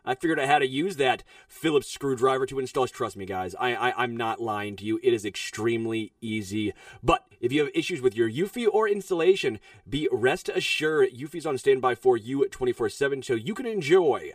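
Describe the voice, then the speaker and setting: A man's voice: expressive, brisk, no echo. A man reading a sponsor ad in a chatty, reassuring way, recorded dry and distant from the mic. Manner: chatty, reassuring sales pitch. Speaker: ad reader. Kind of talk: sponsor read.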